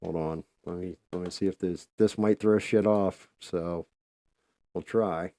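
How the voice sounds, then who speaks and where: A man's voice: low voice, steady tone, measured pace, warm tone, no echo, clean studio sound. A man hosting a live stream, chatting casually and swearing freely while he paints. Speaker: livestream host.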